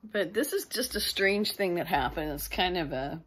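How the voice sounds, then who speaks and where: Husky woman telling a spooky tale. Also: lowish voice, expressive, normal speed, fairly bright tone. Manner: rambling, self-interrupting. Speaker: vlogger. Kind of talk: casual storytelling to camera.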